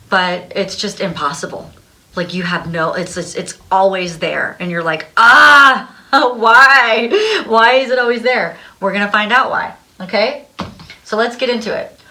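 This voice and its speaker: Bright, bubbly woman reading tarot. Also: medium pitch. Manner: bubbly, laughs often, breathless with excitement. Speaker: tarot card reader. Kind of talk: casual spiritual tarot reading.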